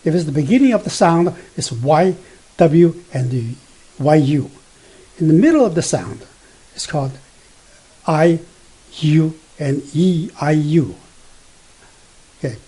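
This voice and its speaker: A man gives a beginner language lesson at an unhurried pace. His voice is mellow and a little husky, with plenty of fillers and restarts as he spells out letters. He draws out each sounded tone with care. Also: on the high side, lively intonation. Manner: slow, careful explanation with frequent fillers and self-corrections; drawn-out demonstration of tones and spelled-out letters. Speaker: Mandarin teacher.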